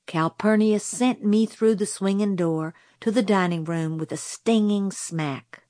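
A woman narrating a novel aloud in a measured storytelling manner on a close microphone. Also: mid-range voice, mellow, dry recording. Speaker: audiobook narrator. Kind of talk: scripted narration.

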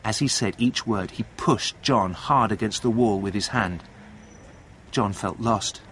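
A man narrating a story in a calm, plain, measured reading voice. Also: lowish voice, slight background noise.

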